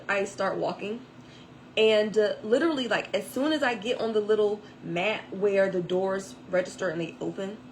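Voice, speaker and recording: A woman's voice: medium pitch, a little hiss or hum, poor audio. A woman telling a personal faith testimony in a chatty way, with many fillers and asides. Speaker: author giving a testimony.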